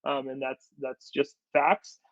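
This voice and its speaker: A man as a podcast guest talking business advice in an energetic, casual way, repeating words for emphasis. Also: mid-range voice, takes it slowly, dry recording, muffled recording. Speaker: podcast guest, company storyteller.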